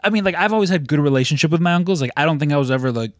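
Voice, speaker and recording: A man's voice: fairly high pitch, expressive, racing, no echo, studio quality. Easygoing man in a rambling podcast chat. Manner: easygoing storyteller, loose and rambling. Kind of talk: casual chat.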